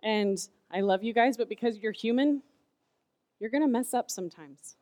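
Woman, youth sermon, higher-pitched, dry close sound, chatty storyteller. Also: normal speed, dry recording. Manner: chatty, animated storytelling with "like" fillers. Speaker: youth speaker. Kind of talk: casual sermon to kids.

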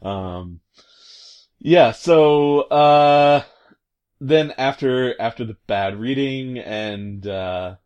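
A man's voice: mid-range voice, steady tone, very slow, a little mellow, clean tone, lo-fi sound. A man casually retelling a video game scene, rambling and hesitant, full of fillers and amused asides. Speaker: commentator recounting a video game.

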